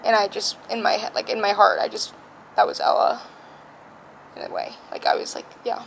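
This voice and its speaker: A young woman telling a personal story alone, speaking softly and haltingly, tearful at times. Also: medium pitch, sing-song, vocal fry, slight background noise, low-quality recording. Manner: soft, halting, emotional. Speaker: vlogger. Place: alone in a quiet room.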